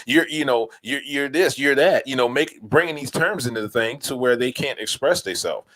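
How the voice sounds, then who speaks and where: A man from New Orleans with a New Orleans accent, co-hosting a casual podcast chat, animated and repeating himself as he makes his points. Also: mid-range voice, moderate pace, few pauses, low-quality recording. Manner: animated, repeats himself, plays out bits in voices. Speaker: podcast co-host.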